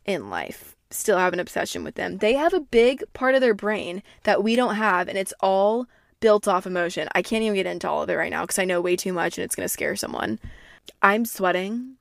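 A woman's voice: on the low side, gravelly, no room sound, studio quality. A young adult woman hosting a podcast in casual solo chat, rambling, swearing freely and speaking candidly. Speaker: podcast host.

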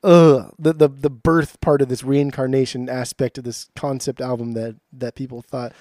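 A man's voice: mid-range voice, flat delivery, moderate pace, warm tone, no echo, clean studio sound. A man co-hosting a casual music podcast, sarcastic and profane, slipping into goofy voices. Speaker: podcast co-host.

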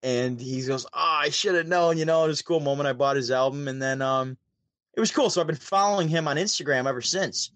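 A man from Syracuse, New York, a DJ and show host, tells a lengthy story casually as a podcast guest on a call. Brisk and fairly bright, his voice sits on the high side in a dry recording, and he acts out the quotes as he goes.

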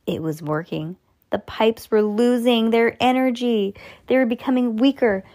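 A woman's voice: a little high, measured pace, warm tone. A woman reading a children's book aloud expressively, stopping for casual asides. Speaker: reader.

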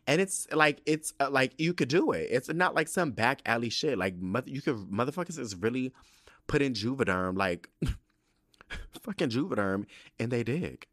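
A young man hosting a podcast, telling candid stories in an animated, gossipy way. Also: normal speed, no echo, studio quality. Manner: animated, gossipy, swings into high mocking voices. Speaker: podcast host. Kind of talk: candid solo podcast storytelling.

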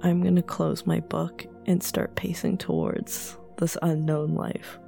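Gravelly-voiced woman player. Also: low voice, level tone, measured pace, warm tone, faint music behind.

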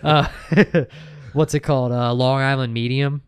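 Chatty man with a smooth voice. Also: mid-range voice, steady tone, measured pace, no echo. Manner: rambling, laughs often, restarts sentences. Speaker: podcast co-host. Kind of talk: casual chat.

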